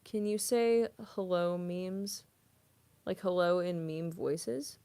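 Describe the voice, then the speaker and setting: Young woman voice actress hosting a chatty live stream; low-ish, unhurried delivery with frequent giggles. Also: mellow, clear, resonant tone. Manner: chatty and giggly, coos at her cat. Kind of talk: casual live-stream chat.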